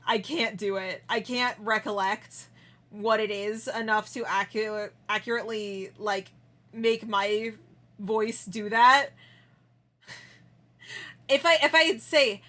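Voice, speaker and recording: A woman's voice: mid-range voice, a bit bright. A young woman streamer chatting casually with her viewers, giggling often and trailing off into restarts.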